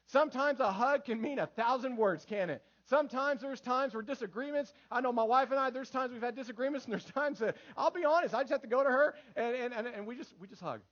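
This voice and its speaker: A man in his thirties preaching a sermon in church, lively and full of acted quotes. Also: very high-pitched, quick pace, hardly any pauses, dull audio. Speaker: pastor.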